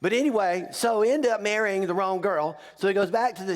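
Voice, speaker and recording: Joking pastor in an echoing hall. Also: male voice, high voice, a little fast. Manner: joking, conversational, teasing the congregation. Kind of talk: humorous sermon storytelling. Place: church sanctuary. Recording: long reverb of a church hall.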